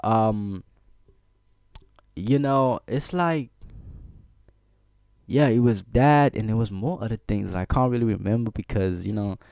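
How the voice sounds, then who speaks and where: Lively low-voiced storyteller. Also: male voice, measured pace, vocal fry, pauses often, clean tone, no room sound, studio quality. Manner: animated, laughing, slangy, frequent "bro" and "see what I'm saying". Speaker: vlogger. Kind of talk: casual storytelling.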